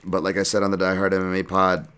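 A man with a deep, low voice hosts a casual podcast breakdown. He talks through his picks off the cuff, circling back, restarting phrases and swearing casually as he goes. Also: completely flat delivery, fast talker, fairly bright tone, smooth. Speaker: podcast host and fight analyst.

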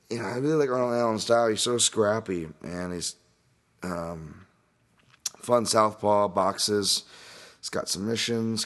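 Deep-voiced man talking through a sore throat. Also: fairly bright tone. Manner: rambling, self-correcting, laughs at himself. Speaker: podcast host and fight analyst. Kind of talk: casual solo podcast breakdown.

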